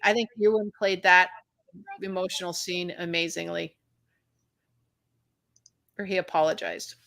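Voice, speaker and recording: A woman co-hosting a casual fan discussion, enthusiastic and talking in quick bursts over the others. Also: lowish voice, steady tone, vocal fry, a bit bright. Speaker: co-host.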